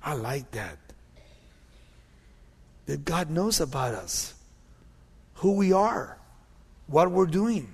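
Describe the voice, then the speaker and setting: A man preaching a sermon as a pastor, telling stories animatedly and often dropping to hushed tones. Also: fairly high pitch, sing-song, takes it slowly, pauses often, slightly rough, in a large hall.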